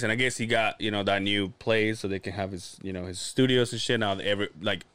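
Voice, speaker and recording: Male podcast co-host, mid-pitched, animated delivery, swears freely, very dry close sound. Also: fairly quick, clear, resonant tone, dry recording. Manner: storytelling, swearing, acting out quotes. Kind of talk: casual chat.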